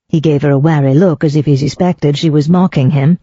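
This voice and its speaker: Audiobook narrator, mellow husky voice, dry dull recording. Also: mid-range voice, steady tone, brisk, few pauses, no echo. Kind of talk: scripted narration.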